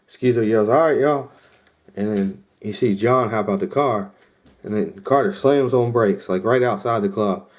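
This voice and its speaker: A man's voice: fairly low pitch, a little mellow. A young man hosting a podcast, casually telling a rambling story with lots of fillers and quoted asides. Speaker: podcast host.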